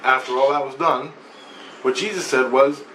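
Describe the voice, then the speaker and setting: A man telling a casual, rambling spoken account, animated and often repeating himself. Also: mid-range voice, normal speed, a little hiss or hum. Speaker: vlogger. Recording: roomy echo, faint ambience.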